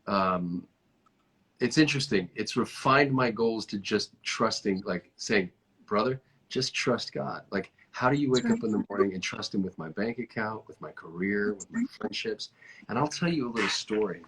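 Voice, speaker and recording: Husky low-voiced guy hosting a video call chat, lively storyteller who slows down to think. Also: poor audio. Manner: animated storyteller, often stretching out reflective phrases. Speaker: host.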